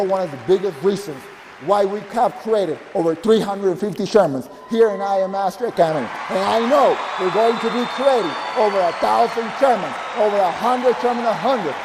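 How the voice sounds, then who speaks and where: A man with a Spanish accent, a native Spanish speaker, giving an energetic, emphatic and repetitive motivational speech as a business coach. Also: high-pitched, brisk, long reverb tail, crowd noise, noisy background.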